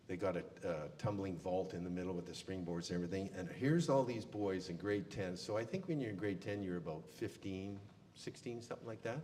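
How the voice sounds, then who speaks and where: A man's voice: deep voice, darkish tone. A man giving a funeral eulogy, telling folksy stories with plenty of fillers. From Canada. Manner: folksy storyteller with many fillers. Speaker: eulogy speaker. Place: funeral service hall. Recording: long hall reverb, faint room noise.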